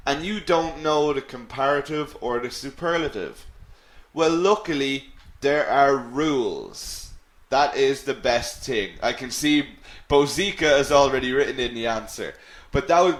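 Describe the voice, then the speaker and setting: A man teaching a live online English lesson, repeating example words slowly and clearly for his learners. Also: medium pitch, fairly bright tone. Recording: echoey room.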